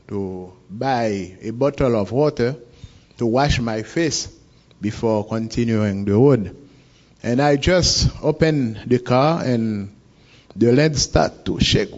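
Slow, halting man with a Haitian accent. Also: medium pitch. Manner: halting, searching for words in English. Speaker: guest telling his story. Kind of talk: personal account in an interview. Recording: dull lo-fi recording.

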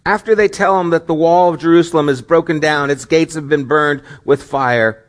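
A man's voice: fairly high pitch, normal speed. A middle-aged man preaching a sermon as pastor, earnest and questioning, with rising emphatic stretches.

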